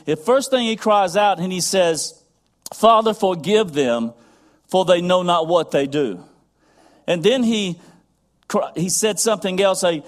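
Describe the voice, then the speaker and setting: A man delivering a sermon in a fairly high voice. He preaches earnestly, repeating phrases and rising in intensity as he goes. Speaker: pastor.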